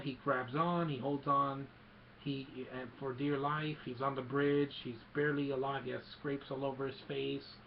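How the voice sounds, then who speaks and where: Young man, casual film retelling, excited and rambling, gravelly voice, muffled recording, faint hum. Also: medium pitch. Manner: excited, rambling, many fillers and restarts. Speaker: film fan reviewer.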